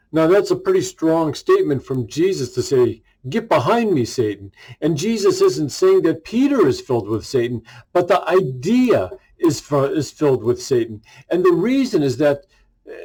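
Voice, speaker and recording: A man with a fairly high voice leads a short daily devotion as a pastor. He reads a scripture passage, then retells it in everyday, conversational language, talking directly to his listeners. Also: a little mellow, poor audio.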